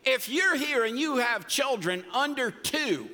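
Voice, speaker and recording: A man's voice: extremely high pitch, lively intonation, measured pace, sharp tone. An older man preaching a sermon as pastor, emphatic and folksy with humor. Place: church sanctuary. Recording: long reverb of a large hall.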